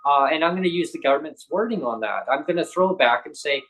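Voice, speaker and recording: A man's voice: on the high side, a little fast, hardly any pauses, lo-fi sound. Canadian man telling a story animatedly. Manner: animated, acts out quoted voices of others. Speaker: guest on a talk show. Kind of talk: casual conversational storytelling.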